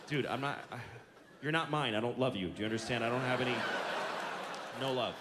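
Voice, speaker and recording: A man's voice: medium pitch, fairly quick, noisy background. A man doing a stand-up comedy routine on stage, ranting in an exasperated, profane way.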